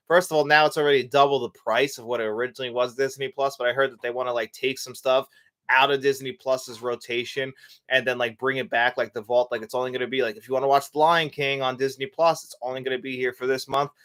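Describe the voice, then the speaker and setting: A man's voice: mid-range voice, fairly bright tone. A young man hosting a live show, chatting casually and reading out viewer comments, rambling with many fillers and restarts. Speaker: host of a live movie show.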